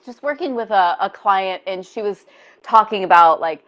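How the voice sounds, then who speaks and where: A woman coach talking in an encouraging, conversational way, explaining her points with gentle repetition. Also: medium pitch, lively intonation, moderate pace, dull audio. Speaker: body image coach. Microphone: video call.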